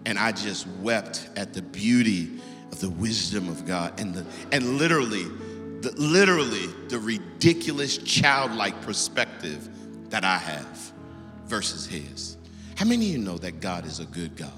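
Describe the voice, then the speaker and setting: A middle-aged male pastor preaching a sermon, swinging between loud, animated exhortation and hushed storytelling. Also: on the low side, normal speed, music in the background. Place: church auditorium. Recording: long reverb of a large hall.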